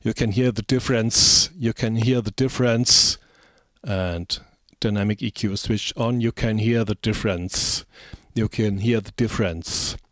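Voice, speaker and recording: A man talks through a music software tutorial in a slow, halting way, with many ums and uhs. His voice sits fairly low. The sound is dry and close, with no room around it. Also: steady tone, no room sound. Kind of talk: screen-recorded software tutorial.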